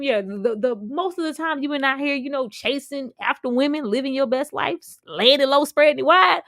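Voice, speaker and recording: A woman giving a casual reaction review of a TV episode, slangy and animated, laughing often and swearing freely. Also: high voice, moderate pace, no echo, studio quality.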